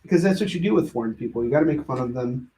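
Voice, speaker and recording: A man hosting a live comic book sales show, pitching books with joking, rambling asides. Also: expressive, very fast, mellow, slight background noise. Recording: echoey room.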